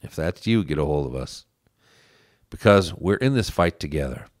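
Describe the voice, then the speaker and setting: A man's voice: a bass voice, animated, moderate pace, no room sound, clean studio sound. A man hosting a political podcast, speaking earnestly as he urges listeners to get involved. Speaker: podcast host. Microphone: studio microphone.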